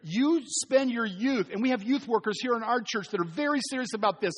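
A middle-aged male pastor with a high voice preaches in an easy, storytelling way. His voice carries a long reverb from the church hall around him. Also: fairly quick. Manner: storytelling, animated and conversational. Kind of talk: sermon.

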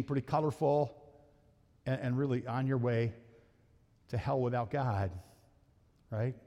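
A man preaching a sermon as pastor, talking fast and telling jokes in a church sanctuary. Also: medium pitch, a little mellow. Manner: fast-talking, joking storyteller. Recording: long hall reverb.

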